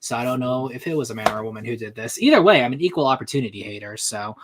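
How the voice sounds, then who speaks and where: A man's voice: mid-range voice, racing, crowd noise. A man hosting a casual group podcast, joking, swearing and reading articles aloud. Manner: animated, jokey, swears freely. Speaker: podcast host.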